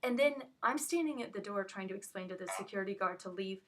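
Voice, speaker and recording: A woman's voice: mid-range voice, a little fast, hardly any pauses. A woman giving an emotional first-hand account of an incident, speaking urgently with frequent restarts. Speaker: witness recounting an incident.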